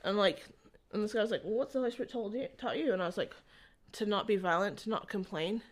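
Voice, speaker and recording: A woman telling her own faith story to an interviewer, speaking at an ordinary middle pitch. She rambles and halts, often restarting her sentences as she goes. The feel is a relaxed, conversational testimony. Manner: rambling, halting, with frequent restarts.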